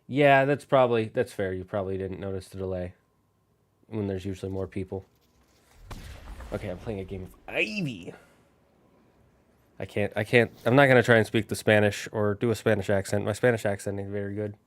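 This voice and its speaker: His pitch is fairly low and his delivery brisk, though he leaves long pauses. He's a gamer on a live stream, rambling casually and talking right to his chat.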